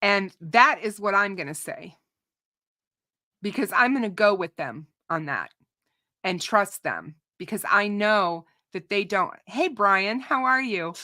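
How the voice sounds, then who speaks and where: A woman hosting a true crime show, giving opinionated unscripted commentary to her audience, often restarting her sentences, her voice starting to go and clearing her throat. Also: medium pitch, animated, a little slow, sharp tone. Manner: opinionated, frequent restarts and repeated words. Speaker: true crime channel host.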